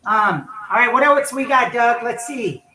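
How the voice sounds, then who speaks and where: Upbeat, chatty livestream host, bright and echoey. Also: medium pitch, lively intonation, unhurried, slight background noise. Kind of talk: live-stream chat and interview. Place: home, in California. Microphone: computer mic without headset. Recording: echoey room.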